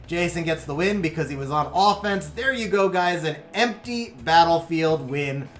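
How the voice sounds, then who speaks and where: A game streamer doing excitable play-by-play commentary on a match replay, then chatting casually with viewers. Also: medium pitch, moderate pace, few pauses, reverberant, faint music behind.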